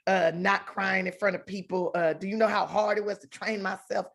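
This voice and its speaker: A woman in her thirties, an actress and guest, talks in a lively way and acts out quoted exchanges in a talk show interview. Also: medium pitch, normal speed, gravelly. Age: 30s.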